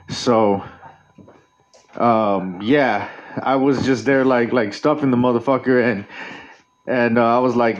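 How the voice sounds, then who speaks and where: In a dull lo-fi recording, a male radio host rambles through a casual monologue, cursing nonstop and starting sentences over. His mid-range voice is a little slow, and he pauses often.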